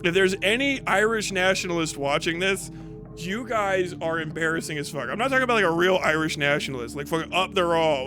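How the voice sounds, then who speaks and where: A man's voice: high-pitched, expressive, quick pace, music in the background. A man hosting a livestream, ranting casually in a profane, rambling way and laughing often. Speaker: livestream host.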